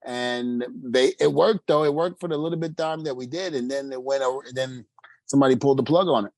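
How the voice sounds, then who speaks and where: Middle-aged man, interview guest, lively storyteller who plays out quoted dialogue; mid-pitched, dry close sound. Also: brisk, no room sound. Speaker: interview guest, retired wrestler.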